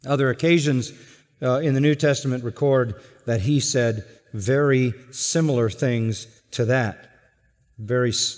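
A man preaching an expository sermon, earnest and emphatic, slowing to stress key words. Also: mid-range voice. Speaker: pastor. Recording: long hall reverb.

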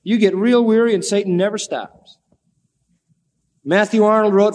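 A man delivering a sermon, recounting the story with animated energy and voicing the lines he quotes. His voice sits a little high for a man. The sound carries a long hall reverb. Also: normal speed, pauses often. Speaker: preacher.

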